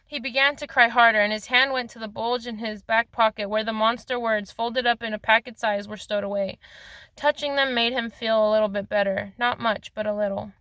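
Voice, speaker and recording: A woman's voice: fairly high pitch, steady tone, fairly quick, bright, forceful tone, no echo. A woman reading a novel aloud in a plain voice, with occasional slips and restarts. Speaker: reader of a novel.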